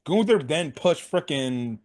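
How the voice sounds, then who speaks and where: A young man giving a casual, excitable wrestling recap, full of slang and constant swearing. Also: fairly high pitch, measured pace. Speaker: wrestling show reviewer.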